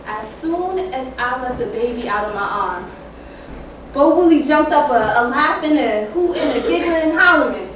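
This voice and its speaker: Woman as a young mom telling her story on stage, highish voice, echoey hall from far off. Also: lively intonation, moderate pace, a little hiss or hum. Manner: intense dramatic monologue, shouting at peaks. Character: young mother telling of her children's father. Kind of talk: theater monologue. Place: theater stage.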